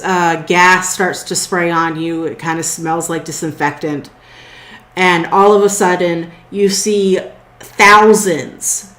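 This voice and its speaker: A woman running a tabletop game as game master, describing scenes in a relaxed way with some fillers. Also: lowish voice, reverberant.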